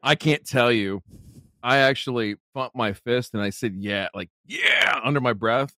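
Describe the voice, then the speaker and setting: A man's voice: medium pitch, moderate pace, fairly bright tone, no room sound, studio quality. A man hosting a live lawn-care call-in show, joking and brash and casually swearing. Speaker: host taking calls.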